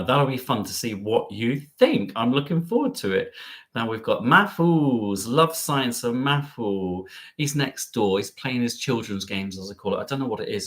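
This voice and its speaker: A man hosts a live stream, talking straight to his viewers in a cheeky, playful way. His pitch keeps leaping up and dropping back down as he chats. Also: a bit bright. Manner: cheeky, bubbly, jumps up and down in pitch. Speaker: travel vlogger hosting a live stream.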